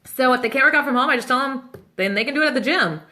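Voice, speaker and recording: Bright, upbeat woman in her thirties. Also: high-pitched, rapid-fire. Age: 30s. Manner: chatty, upbeat, laughs often. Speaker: business coach. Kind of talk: casual live Q&A.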